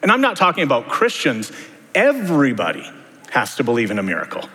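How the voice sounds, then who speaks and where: A man's voice: mid-range voice, huge pitch swings, a little fast, sharp tone. A man preaching a sermon, talking to the congregation in a conversational way with many rhetorical questions. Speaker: pastor. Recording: long hall reverb.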